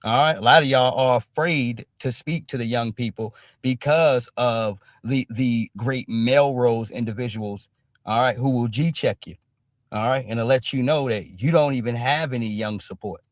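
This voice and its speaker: A man's voice: mid-range voice, moderate pace, dry recording. A man hosting a casual live-stream commentary, blunt and profane, who keeps punctuating his points with a tag question. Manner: emphatic, keeps punctuating with "all right?"; blunt and profane street talk.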